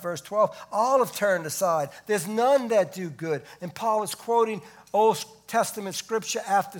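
A man preaching a sermon, stressing key words loudly and dropping to hushed asides. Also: high-pitched. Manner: emphatic, swinging between loud stresses and hushed asides. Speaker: pastor.

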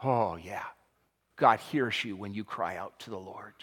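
A male pastor preaching a sermon with passion, swinging between loud cries and hushed, quiet passages. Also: lowish voice, unhurried. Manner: impassioned, swings from shouting to hushed. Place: church sanctuary. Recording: long hall reverb.

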